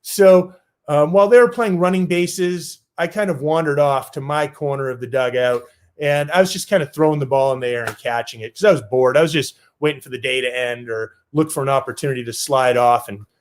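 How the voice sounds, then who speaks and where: A man's voice: medium pitch, fairly quick. A man telling a personal story on stage in a loose, casual way with lots of filler words.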